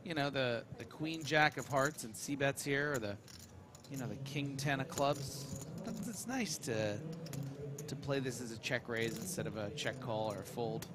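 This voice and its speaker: A man's voice: mid-range voice, normal speed, noisy background. A man explaining poker strategy on a live broadcast, analytical and full of fillers.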